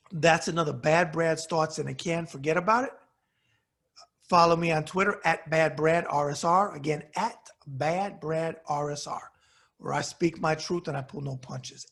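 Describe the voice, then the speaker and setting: Gravelly, husky man ranting hotly. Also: on the high side, a bit bright. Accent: New York. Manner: heated, cursing, blunt. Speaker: commentary show host. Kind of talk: angry profane rant to camera.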